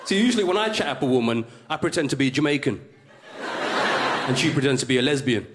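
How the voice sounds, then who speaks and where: A male stand-up comedian, hosting a comedy show with quick, cheeky punchlines before a live audience. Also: medium pitch, animated, background noise. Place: studio comedy stage with audience. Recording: live stage with loud crowd.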